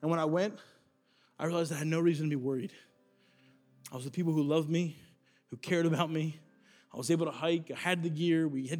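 An earnest young man preaches to a youth group, building his phrases up with rising emphasis as he tells a story. His voice sits a little high for a man. Soft music plays faintly underneath. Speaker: youth pastor. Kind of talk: sermon.

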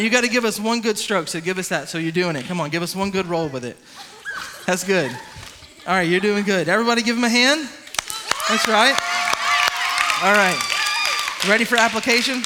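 A man preaching a lively youth sermon, coaching a volunteer through swimming moves and calling on the crowd. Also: high voice, brisk, pauses often, in a large hall, noisy background. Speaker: youth pastor.

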